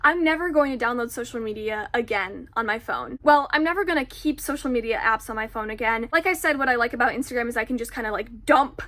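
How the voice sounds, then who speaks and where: A teenage girl vlogging into her phone, her voice high and bright. She talks candidly and reflectively, scattering "like" through her sentences. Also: fast talker, hardly any pauses. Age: teens. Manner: candid, reflective, filler-heavy with "like". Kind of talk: casual confessional vlog. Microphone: phone camera.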